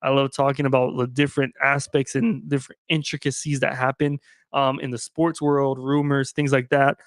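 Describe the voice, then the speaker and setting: This solo sports podcast is hosted by a man with a medium-pitched, flat delivery at a moderate pace. He keeps things casual, cracking jokes and using slang as he speaks straight to his audience. It's studio-quality audio with no room sound.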